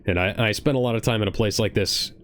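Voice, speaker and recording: Speaking quickly in a lowish voice with slight background noise, this podcast co-host from Ohio rambles earnestly through a casual reaction chat, frequently starting over. He's recording from a home streaming setup.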